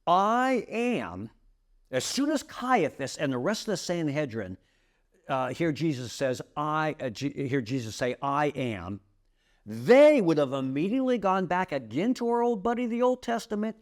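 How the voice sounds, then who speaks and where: A man's voice: a little high, sing-song, moderate pace. A man teaching a Bible study podcast, telling the story with emphatic drama and checking in often with "okay?" and "right?". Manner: peppers explanations with checking tags like "okay?" and "right?".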